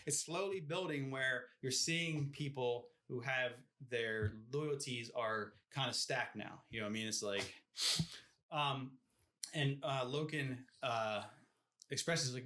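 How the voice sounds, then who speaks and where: Bright-voiced rambling podcast man. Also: medium pitch, takes it slowly. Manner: rambling, filler-heavy, often asks "you know what I mean?". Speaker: podcast co-host. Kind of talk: casual book discussion chat.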